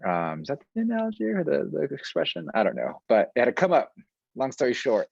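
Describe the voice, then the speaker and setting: A man who works as a school administrator, answering interview questions in a relaxed, casual way with slang and many fillers, heard over a video call. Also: mid-range voice, brisk, vocal fry, breathy edge, dry recording. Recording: dull, lo-fi and dry.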